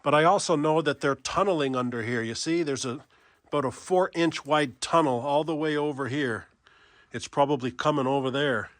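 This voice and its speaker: A man's voice: a little high, moderate pace, a bit bright, dry recording. A man, filming a casual farm vlog in a barn and chatting to the camera and his animals. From Canada. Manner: chatty, talks sweetly to his animals in a raised pet voice. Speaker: farmer and vlogger.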